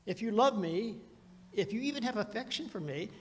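A man preaching a sermon as pastor, telling the story dramatically and swinging between loud and hushed passages. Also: high-pitched, lively intonation, normal speed, in a large hall.

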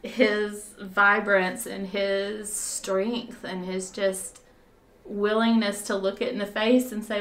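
Woman telling a story in a halting way. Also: mid-range voice, flat delivery, a bit bright. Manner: rambling, halting with fillers and restarts; breaks into laughter while telling the story. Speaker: volunteer. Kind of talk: conversational storytelling.

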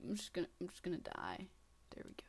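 A woman giving casual, excitable gameplay commentary, talking to herself and running herself down, swinging from muttering to shrieking. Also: on the low side, quick pace, vocal fry, husky, whispered. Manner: self-deprecating, talks to herself. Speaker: gaming channel host.

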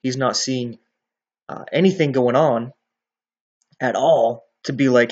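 A man's voice: medium pitch, slow pace, long pauses, darkish tone, slightly rough. Casual man explaining scripture, lo-fi. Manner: conversational, often ends with "right?". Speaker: bible teacher. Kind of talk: casual bible teaching.

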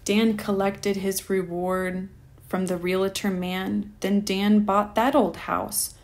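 A woman reading a rhyming children's picture book aloud with a lively, rhythmic delivery. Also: medium pitch, slow. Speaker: storyteller.

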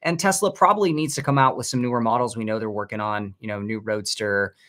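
A man co-hosting a money show, giving measured, analytical market commentary with frequent "you know" hedges. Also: fairly low pitch, a bit bright. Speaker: co-host.

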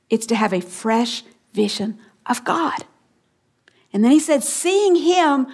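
A middle-aged woman from the United States teaching a sermon to a live audience, emphatic, repeating key phrases slowly and dropping to a hush. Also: fairly high pitch. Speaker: Bible teacher.

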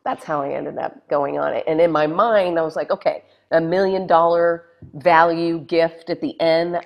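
Middle-aged woman, low voice, animated storyteller who acts out quotes; interview guest. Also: muffled recording. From Texas, USA. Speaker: guest, former reality show contestant.

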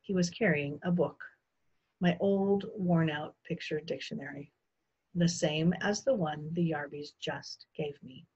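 Woman teacher reading aloud, low-pitched and husky, expressive delivery, dull lo-fi recording. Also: a little slow. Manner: expressive storytelling. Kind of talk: reading a children's novel aloud.

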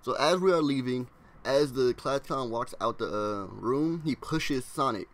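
A young man telling a storytime on his vlog, loose and slangy. He leans on "like" constantly and keeps breaking into quick impressions of his classmates. His voice sits at an ordinary middle pitch for a man. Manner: rambling slangy storytelling, heavy use of "like". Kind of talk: casual storytime narration.

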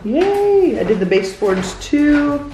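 A woman's voice: sits high, big pitch swings, takes it slowly, noisy background. A young woman vlogging a home room makeover, chatting and explaining as she works indoors. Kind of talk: casual vlog narration. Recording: echoey bare room.

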